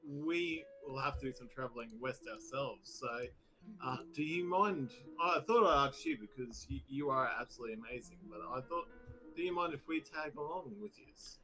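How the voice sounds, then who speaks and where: A man, playing a character in a tabletop game, with halting stammering restarts. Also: mid-range voice, bright, forceful tone, faint music behind. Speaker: player.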